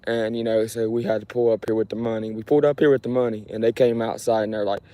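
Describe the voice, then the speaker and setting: A man's voice: fairly low pitch, little pitch movement, fast talker, warm tone, no echo. A man livestreaming, telling a rambling, frustrated story with frequent restarts and swearing. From Ohio, USA.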